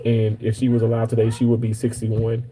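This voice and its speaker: A man in his thirties speaks to his live audience in a relaxed, mellow voice. He tells a personal story in loose, chatty bursts, repeating words for emphasis. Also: medium pitch, a little fast, rough recording. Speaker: streamer talking to viewers. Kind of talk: casual live chat.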